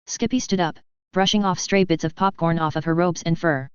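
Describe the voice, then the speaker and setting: Clear, low-voiced woman reading a story. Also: fairly even intonation, brisk, no room sound, highs cut off. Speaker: narrator.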